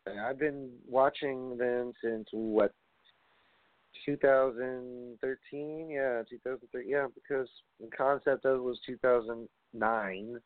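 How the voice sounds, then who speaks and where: A man's voice: mid-range voice, fairly even intonation, measured pace, dry recording. A man hosting a wrestling podcast, rambling casually, reading off long lists and swearing now and then. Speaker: podcast host. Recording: tinny phone-like line, dry.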